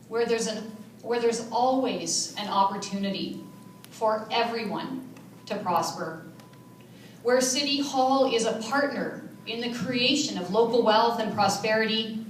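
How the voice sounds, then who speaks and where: A woman mayor giving an earnest, measured inaugural speech in a large hall. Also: on the high side, recorded from a distance, slight background noise. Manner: earnest, measured public speaking. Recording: echoey hall picked up from afar.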